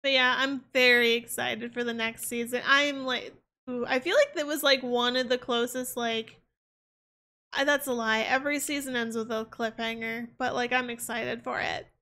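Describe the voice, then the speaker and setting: A woman's voice: on the high side, steady tone, moderate pace, sharp tone. A young woman streaming a game, chatting casually in a rambling way. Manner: rambling, full of fillers and restarts. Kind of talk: casual chat while gaming.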